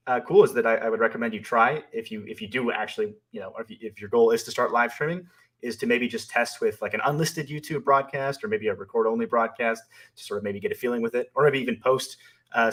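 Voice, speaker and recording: A man's voice: mid-range voice, fairly bright tone. A man co-hosting a live stream, reading viewer questions aloud and answering them in a thoughtful, hesitant way with many fillers. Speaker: co-host and company founder.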